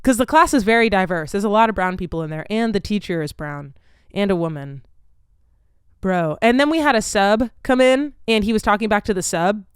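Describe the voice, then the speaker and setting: A woman's voice: medium pitch, clear, resonant tone, no echo, studio quality. A young woman, telling stories in a casual vlog chat, candid and swearing freely, with lots of filler "like". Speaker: vlogger.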